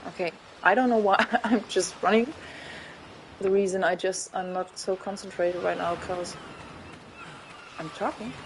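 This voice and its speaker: A woman's voice: medium pitch, steady tone, a little slow, pauses often, a little hiss or hum, poor audio. A woman with a German accent chatting casually while streaming a game, rambling and laughing often. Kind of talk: casual chat while gaming.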